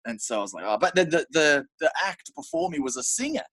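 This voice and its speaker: A man's voice: fairly high pitch, wildly swooping pitch, quick pace, vocal fry, a bit bright, husky, no room sound. Giggly Australian man telling stories. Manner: rambling, giggly storytelling. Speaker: stand-up comedian, guest. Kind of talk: casual chat on a call.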